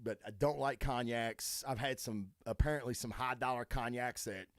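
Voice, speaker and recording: A man's voice: mid-range voice, normal speed, no echo, clean studio sound. A man with a Southern US accent, hosting a podcast as casual chat, rambling and swearing a lot with crude jokes. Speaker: podcast host.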